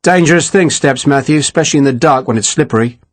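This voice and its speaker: A man's voice: fairly high pitch, fast talker, natural voice. A man voicing a battle-hardened army captain who talks in a dry, clipped, matter-of-fact way in an audiobook.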